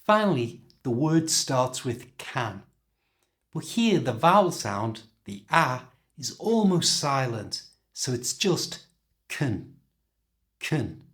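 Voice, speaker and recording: A man with a British accent teaching English pronunciation in a slow, clear, demonstrating way. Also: medium pitch, very animated, fairly bright tone. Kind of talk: scripted pronunciation lesson.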